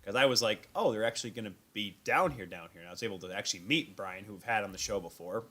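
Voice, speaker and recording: A man hosting a live sports talk stream, telling animated, self-deprecating stories about his encounters at an event. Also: fairly low pitch, fast talker. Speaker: host. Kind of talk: casual sports chat. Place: remote stream call.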